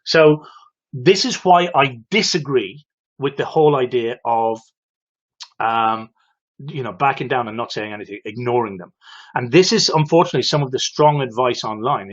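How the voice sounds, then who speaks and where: Hosting a livestream for electricians, this man gives advice at a moderate pace in a mid-range voice, patiently walking through explanations. He checks in with viewers by asking "okay?" and posing questions straight to them, all in lo-fi sound.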